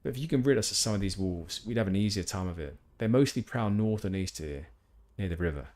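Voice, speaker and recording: A man's voice: on the low side, expressive, quick pace, darkish tone, close to an everyday voice. A man voicing a hardy, weary camp hunter, reading in a matter-of-fact way.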